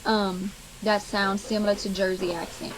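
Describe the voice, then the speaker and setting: A woman from South Louisiana with a Cajun accent, explaining accents in a relaxed, hesitant way with many ums. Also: mid-range voice, moderate pace, background noise. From South Louisiana, USA. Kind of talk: casual explanatory monologue. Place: played from another recording.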